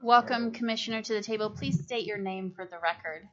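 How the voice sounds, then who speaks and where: A woman's voice: mid-range voice, a little fast. A woman chairing a legislative committee hearing, formal and procedural as she calls on members and questions a witness. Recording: muffled lo-fi hearing audio.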